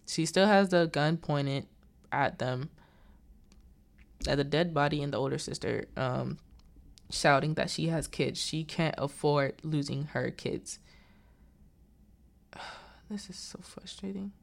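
A woman's voice: low-pitched, unhurried, vocal fry. A young woman casually recapping a film's plot, quoting the characters as she goes. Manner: retells the plot with quoted lines and filler "like". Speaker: movie reviewer.

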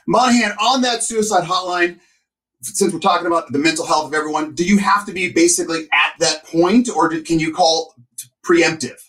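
A man co-hosting a casual podcast chat, an animated and emphatic storyteller. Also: on the high side, a little fast. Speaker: co-host. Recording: voice a bit distant from the mic.

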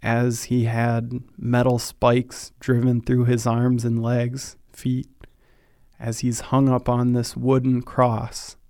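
A man talks through a faith podcast in a measured, reflective way. His delivery is slow and fairly flat in pitch, and it grows quieter on the solemn moments. The sound is dry and close, with no room echo. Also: smooth. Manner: earnest, thoughtful, slows down on solemn points. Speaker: podcast host.

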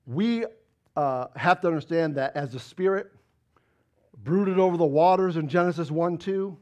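A man preaches a sermon in a high-pitched voice. He keeps asking the congregation questions, pushing hard on key points and then dropping low and quiet. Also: normal speed, highs cut off. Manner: swings between loud emphatic bursts and low quiet asides. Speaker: pastor.

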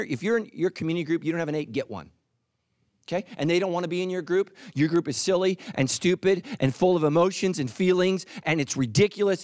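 A man preaching a sermon in a high, bouncing voice that swings up and down. He talks in a punchy, teasing way with playful asides. The sound is dry and close, with no room echo. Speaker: pastor.

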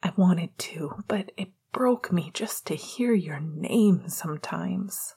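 A woman voicing a guarded, heartbroken man who talks in a hushed, choked voice in an audiobook reading. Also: high-pitched, animated, takes it slowly, gravelly, husky, heavily acted. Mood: tearful.

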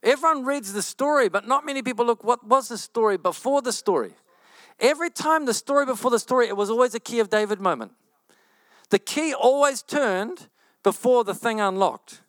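A man preaching a sermon as a pastor, telling a story in an animated way, often repeating phrases and rushing through quoted speech. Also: extremely high pitch, dry recording.

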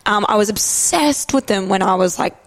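A young Australian woman co-hosting a podcast, telling stories in animated, jokey casual chat. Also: medium pitch, moderate pace. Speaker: podcast co-host.

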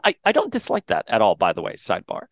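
A man's voice: on the low side, huge pitch swings, fast, gravelly, dry recording. A man hosting a podcast, casually recapping a comic story and paraphrasing the characters' lines in a chatty way. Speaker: podcast host.

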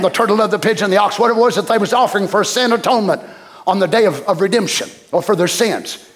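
A man preaching a sermon, passionate, swinging from shouts down to whispers. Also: high voice.

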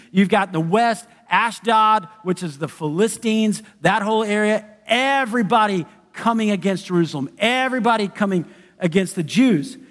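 A man preaching a sermon as pastor, conversational and animated, full of rhetorical questions. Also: sits high, long reverb tail.

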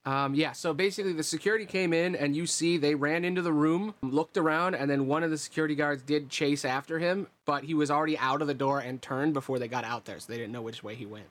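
A man's voice: fairly high pitch, fast talker, few pauses. Casual man narrating as game master. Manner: relaxed, rambling descriptions with fillers.

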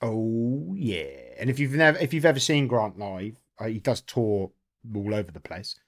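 A man's voice: on the low side, moderate pace. A male podcast co-host in easy, casual conversation. He is playful and chatty, and his talk is dotted with hesitant fillers as he steers the chat toward the guest.

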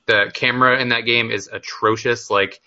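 A man on a casual gaming podcast, giving opinionated, animated takes on games. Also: medium pitch, normal speed, lo-fi sound. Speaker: podcast co-host.

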